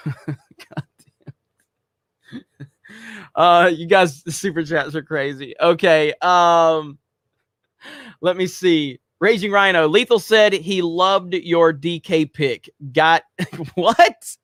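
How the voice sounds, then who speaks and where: A man's voice: on the high side, takes it slowly, a bit bright, dry recording, clean studio sound. A man hosting a casual livestream, rambling with lots of fillers as he reads out viewer messages. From United States. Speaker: livestream host reading super chats.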